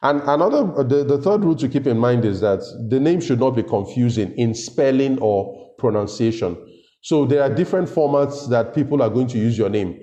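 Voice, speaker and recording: A man's voice: medium pitch, animated, moderate pace, warm tone, reverberant. A man hosting a solo business podcast, talking unscripted and often repeating words as he thinks. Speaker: podcast host.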